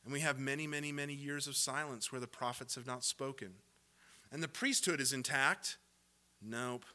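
A man preaching a sermon, with sarcastic asides and rising, impassioned build-ups to loud peaks. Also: mid-range voice, normal speed. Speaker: pastor.

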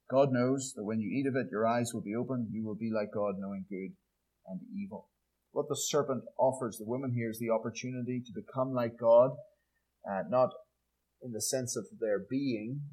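A man preaching an expository sermon, measured and emphatic, slowing down on key words. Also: medium pitch, darkish tone, breathy edge, rough recording.

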